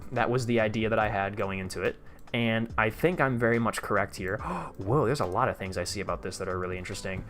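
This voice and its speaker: A young man hosting a live stream, chatting casually and getting excited as he reacts to what he sees. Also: lowish voice, fast, soft background music. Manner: excitable, chatty, reads chat aloud. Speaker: livestream host. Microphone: desk microphone.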